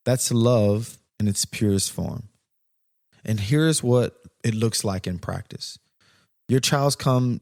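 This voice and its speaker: A man's voice: on the low side, a little mellow, no room sound, studio quality. A man in his thirties hosting a podcast, telling a personal story and then giving earnest, reflective advice straight to listeners. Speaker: podcast host. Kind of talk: podcast monologue on parenting.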